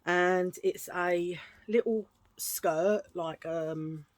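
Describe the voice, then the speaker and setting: A woman's voice: on the low side, steady tone, extremely slow, dry recording. A woman chatting casually through a thrift-shop haul at home, gushing and rambling with restarts. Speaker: vlogger showing a thrift haul.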